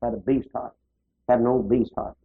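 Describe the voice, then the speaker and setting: A man's voice: medium pitch, fairly even intonation, moderate pace, husky. A man preaching a sermon, rising now and then to fervent exclamations. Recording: dull lo-fi recording.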